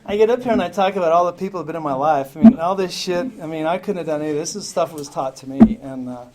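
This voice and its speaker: A man's voice: a little high, fast, a loud crowd. A middle-aged man from Utah sharing his recovery story at a meeting, frank and profane, often laughing at himself. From Salt Lake City, Utah, US. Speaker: AA meeting speaker. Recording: hissy amateur meeting tape.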